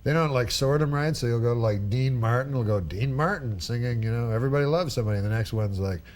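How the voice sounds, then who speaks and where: Deadpan anecdote-telling male guest. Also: mid-range voice, rapid-fire. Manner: deadpan storyteller, laughs at own stories. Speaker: talk-show guest. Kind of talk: casual chat, anecdotes.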